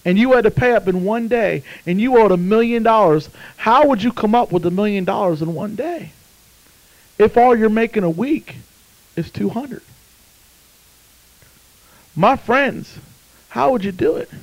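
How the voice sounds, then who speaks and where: A man delivers a sermon in a high voice. He drops to a hush while telling a story, then climbs to fervent shouts. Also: animated, a little slow, long pauses, rough recording. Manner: impassioned, swings from hushed to shouting. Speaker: preacher.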